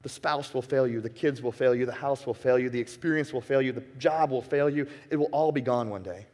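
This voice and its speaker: Impassioned pastor in a reverberant hall. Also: male voice, medium pitch, a little fast. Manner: impassioned, swings from hushed to emphatic. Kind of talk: sermon. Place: church sanctuary. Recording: long reverb of a church hall.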